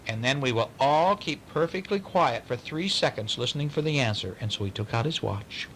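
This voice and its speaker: A man reading a bedtime story aloud to a child, pausing to ask questions in a playful way. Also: mid-range voice, lively intonation, a bit bright, slight background noise, rough recording.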